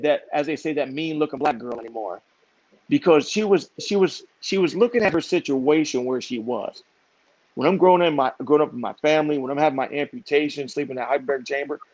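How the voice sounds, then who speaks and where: Heard through dull, muffled, dry audio, a middle-aged man with a fairly high voice, a motivational speaker and author, recounts stories during an interview. He preaches, repeats himself and drives his points home with emphasis.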